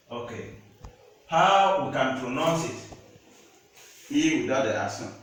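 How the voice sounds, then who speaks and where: With a medium-pitched, somewhat bright voice, a man teaches French pronunciation in an animated but slightly slow way, leaving long pauses. He patiently repeats words to verify the student gets them, classroom-style, in an echoey room with a far-off mic.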